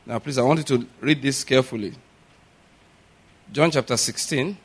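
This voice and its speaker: This pastor's voice is mid-range and husky, moving at a moderate pace. Over the sermon he asks the congregation questions, gets them to echo his lines, and rises into loud, emphatic preaching.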